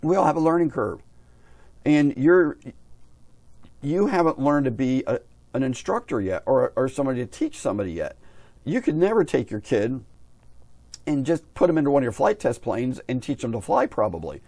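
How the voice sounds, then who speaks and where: A man's voice: mid-range voice, big pitch swings, moderate pace, darkish tone, dry recording. A middle-aged man, an aviation hobby vlogger, tells a long casual story, rambling and repeating himself. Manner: rambling, repeats himself, quotes others in his own voice.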